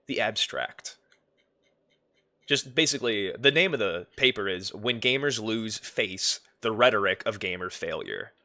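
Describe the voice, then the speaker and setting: Young male streamer, low and bright, rambling casual chat. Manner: rambling, chatty, swears casually.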